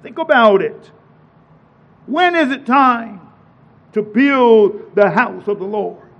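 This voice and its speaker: High-voiced, slow-preaching man. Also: expressive, gravelly, a bit bright, lo-fi sound. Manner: reads scripture slowly, then preaches with rising emphasis and repetition. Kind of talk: sermon.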